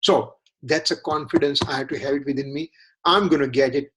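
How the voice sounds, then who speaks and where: A man's voice: medium pitch, steady tone, a little fast, fairly bright tone, husky. A man leading a religious scripture study class, earnest and repetitive, often asking rhetorical questions.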